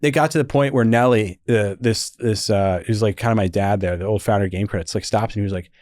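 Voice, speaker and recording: Animated young man telling stories. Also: on the low side, fast, no echo, studio quality. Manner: animated, laughing storyteller with lots of fillers. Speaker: podcast guest. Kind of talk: casual storytelling interview.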